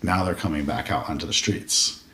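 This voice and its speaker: A man's voice: sits low, moderate pace, sharp tone. A man in his forties, a military veteran guest on a podcast, telling his story in a candid, profane, casual way and acting out his past thoughts in quoted asides. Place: podcast studio room. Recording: roomy sound from a distant mic with faint noise.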